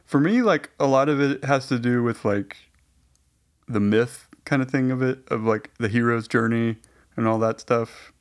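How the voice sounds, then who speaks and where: A man's voice: mid-range voice, normal speed. A man hosting a casual online voice chat, rambling with many hesitations. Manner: rambling, hesitant, lots of restarts and likes. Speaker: podcast host.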